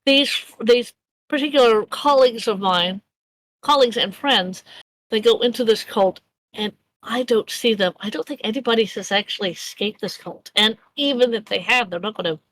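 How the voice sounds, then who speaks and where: A woman voicing a worried male nurse in a tabletop game, speaking hesitantly with halting restarts. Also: a little high, a bit bright, close to an everyday voice, poor audio.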